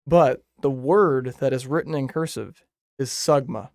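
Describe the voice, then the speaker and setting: A man's voice: medium pitch, normal speed, gravelly, no echo, studio quality. A man in his twenties telling a funny story on a casual podcast, laughing as he goes. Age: 20s. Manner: animated storyteller, laughs often. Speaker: podcast co-host. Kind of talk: casual chat.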